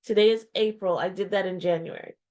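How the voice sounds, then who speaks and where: A woman in her forties, a small business owner, talks candidly into a webcam. She is reflective and heartfelt, pausing often and repeating phrases. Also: mid-range voice, fairly even intonation, a little mellow. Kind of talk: candid personal vlog talk. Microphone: webcam or video-call mic.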